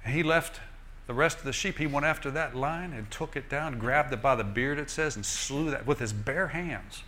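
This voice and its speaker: A man preaching a sermon in a lively, folksy way, joking and asking the crowd "Amen?". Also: mid-range voice, moderate pace, slight background noise.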